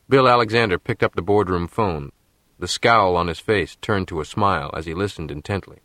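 Brief: deep male narrator, very dry close studio sound, measured reading. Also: a bit bright, dry recording. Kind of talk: audiobook narration.

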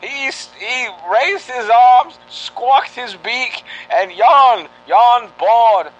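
A man playing a pompous old-time radio announcer with a raised, high-pitched voice, preaching in grandiose, indignant tones and tripping over his own words. The sound is dull and lo-fi, like an old radio broadcast. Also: lively intonation, extremely slow, soft background music, full character voice. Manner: grandiose, indignant, stammering speechifying. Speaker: podcast host. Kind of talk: 1940s radio announcer parody. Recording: dull lo-fi podcast audio.

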